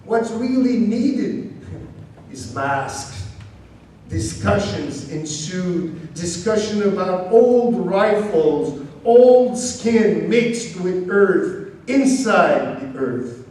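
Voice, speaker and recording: A man giving a slow, measured poetry reading with long pauses, in a large church. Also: high voice, expressive, a little mellow. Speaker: poet reading at an event. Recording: very echoey church hall, mic far off.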